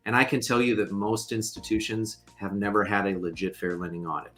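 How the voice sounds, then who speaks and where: A man's voice: on the low side, little pitch movement, fairly quick, fairly bright tone, soft background music. A man as a podcast guest, a fair lending consultant, explaining in an emphatic way with joking asides. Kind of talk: podcast interview.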